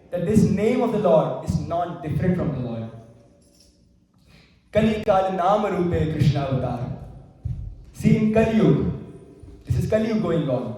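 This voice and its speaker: A man's voice: high voice, mellow. A man giving a devotional class, telling a story with quoted voices and chanting Sanskrit verses. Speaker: class speaker. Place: temple hall. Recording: echoey hall from far off.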